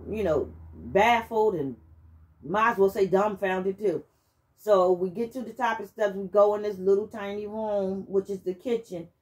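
On her channel, a woman with a medium-pitched voice shares a personal testimony. She tells it animatedly and emphatically, addressing her listeners directly.

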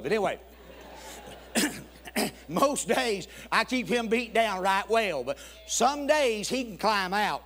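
A man's voice: on the high side, a bit bright. A man preaching a storytelling sermon in a church, folksy and humorous, acting out both sides of a conversation. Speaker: guest preacher. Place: church sanctuary.

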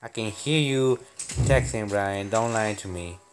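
A man's voice: on the low side, a little slow, a little hiss or hum. A young man casually commenting on his building game, playful and rambling, making up silly stories. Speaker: game channel host.

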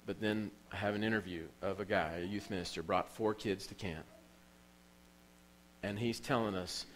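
Male pastor, lowish voice, emotional storytelling sermon delivery with emphatic repetition. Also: fairly even intonation, normal speed, a bit bright, low-quality recording. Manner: emotional storytelling preacher, repeats phrases for emphasis. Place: church.

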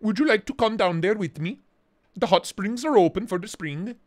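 Here a man plays a jokey figure, his voice pitched up higher than usual. He drifts through the words in a dreamy, teasing sing-song, rising and falling freely. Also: lively intonation, normal speed. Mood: playful.

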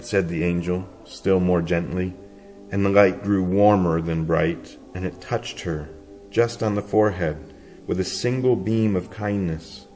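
Slow, tender male storyteller. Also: low-pitched, faint music behind. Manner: tender, playful storytelling with soft chuckles. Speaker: audiobook reader. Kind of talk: storybook narration.

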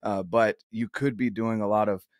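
A man's voice: fairly low pitch, steady tone, normal speed, no echo, studio quality. A man hosting an outdoors podcast, talking earnestly in a rambling way with many restarts. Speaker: podcast host. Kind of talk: casual interview chat.

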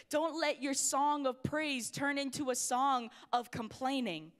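A young woman giving an energetic, playful youth sermon, talking straight to the crowd in a church hall. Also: sits high, unhurried. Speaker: youth pastor.

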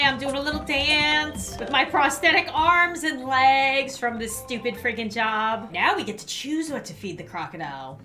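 A young woman playing a mobile game on camera, giving excitable running commentary, shrieking and laughing and talking to the animals. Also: a little high. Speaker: gaming YouTuber.

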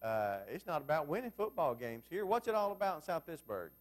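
Male preacher, fairly high voice, chatty sermon that turns to the congregation with questions. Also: sing-song, fairly quick. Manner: conversational, asks the congregation questions. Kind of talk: Bible class sermon.

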